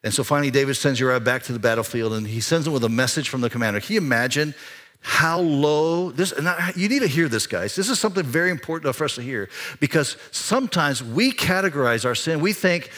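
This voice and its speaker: Man, pastor, sermon, bright tense tone, conversational, swells for emphasis, church mic. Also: on the high side, expressive, fast talker. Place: church sanctuary.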